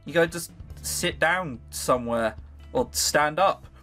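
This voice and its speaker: A man's voice: on the high side, slow, pushed and bright, faint music behind. A man reading a visual novel aloud for a video, with wry, sarcastic asides of his own. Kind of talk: reading aloud with joking commentary.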